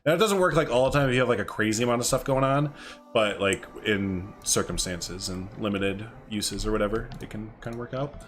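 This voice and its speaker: A man's voice: on the low side, a little fast, a bit bright. A man streaming a building game, chatting casually and upbeat, answering chat and exclaiming as he builds. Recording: faint music behind.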